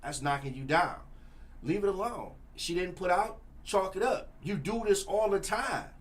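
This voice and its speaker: Male talk host, high-ish voice, preachy, animated, casual. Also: normal speed. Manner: preachy, animated, repeats "you know what I'm saying". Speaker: show host.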